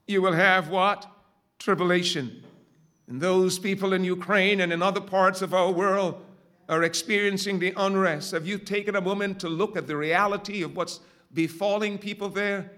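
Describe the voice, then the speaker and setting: A man preaching a sermon in church, swinging from hushed, drawn-out emphasis to loud calls to the congregation. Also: high voice. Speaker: pastor.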